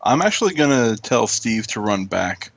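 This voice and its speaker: Casual: gravelly guy at the d&d table, dry jokey remarks. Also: on the low side, very animated, moderate pace, no room sound, dull audio. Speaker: player. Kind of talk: casual tabletop game play.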